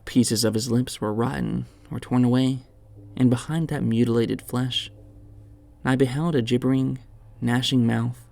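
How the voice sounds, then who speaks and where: A man reading a horror story aloud in measured, dramatic scripted narration. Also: mid-range voice, steady tone, gravelly, darkish tone.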